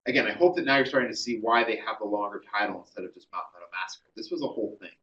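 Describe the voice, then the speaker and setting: A man's voice: fairly low pitch, racing, fairly bright tone, distant mic, highs cut off. A man giving a classroom history lecture, telling the story conversationally with many ums and uhs.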